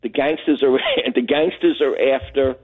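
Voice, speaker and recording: An older man from Brooklyn, calling in to a radio show and telling a rambling, animated story. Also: medium pitch, moderate pace, husky. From Brooklyn, New York. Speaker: caller. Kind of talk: phone-in storytelling. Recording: tinny phone line.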